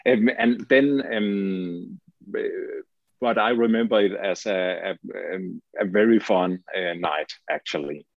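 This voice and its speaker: A man slowly recalling an old memory, pausing often with fillers. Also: deep voice, creaky, no room sound, phone-quality sound. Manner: hesitant, many fillers. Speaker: former contest winner recalling a memory. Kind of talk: casual reminiscence.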